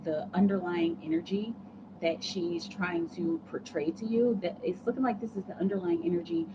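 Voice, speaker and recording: A woman with a lowish voice gives a live tarot reading, chatty and rambling, full of fillers. The sound is dull and lo-fi. A steady background noise sits under her voice. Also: normal speed. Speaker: tarot reader.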